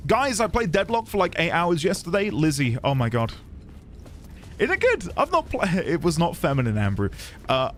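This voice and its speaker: High, lively male game streamer. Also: normal speed, a little hiss or hum. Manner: excitable, chatty, laughs often, talks to chat. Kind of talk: casual live-stream commentary.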